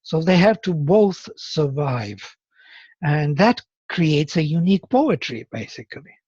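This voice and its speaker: Slow husky male lecturer. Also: a little high, big pitch swings, darkish tone, no room sound. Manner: slow and deliberate, tapping out rhythms aloud. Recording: dull lo-fi lecture recording.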